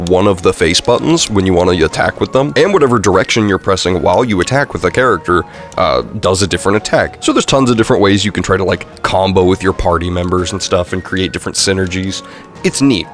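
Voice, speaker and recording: A man's voice: deep voice, fairly bright tone. A young man casually reviewing a video game, rambling with lots of fillers and self-corrections. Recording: faint music underneath. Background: faint background music.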